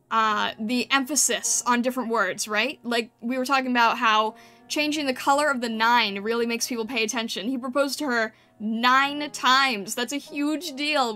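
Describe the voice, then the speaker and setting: A woman's voice: a little high, sharp tone. A woman streamer chatting casually with her chat and thinking aloud while she paints over and critiques thumbnails.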